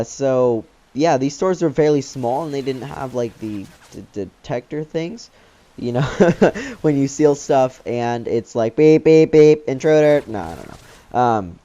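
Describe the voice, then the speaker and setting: A man spins a childhood story in a loose, rambling way while commenting on a game. His voice is mellow and dark, and the home mic sounds dull and lo-fi. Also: mid-range voice. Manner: rambling, loose, filler-heavy talk. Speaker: gaming channel host. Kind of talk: casual storytelling over gameplay commentary.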